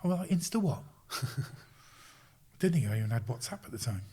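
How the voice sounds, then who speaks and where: Speaking fast in a mid-range voice with a breathy edge, a middle-aged man who coaches sports spins a casual yarn on a podcast. He plays out the quotes himself and laughs softly as he goes, keeping the retelling lively.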